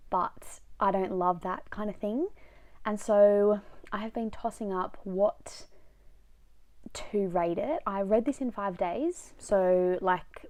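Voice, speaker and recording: A woman's voice: medium pitch, darkish tone. A young woman chatting casually about books she has read, rambling a little with lots of fillers. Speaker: book vlogger. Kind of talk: casual book review vlog.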